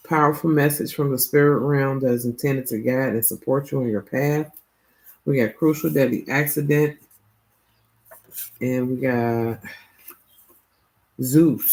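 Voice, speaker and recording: A man's voice: medium pitch, fairly even intonation, a little slow, pauses often, darkish tone, rough recording. A man giving a casual, profane tarot reading, tagging his points with a questioning "okay?". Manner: loose and profane, tags lines with "okay?". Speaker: tarot reader.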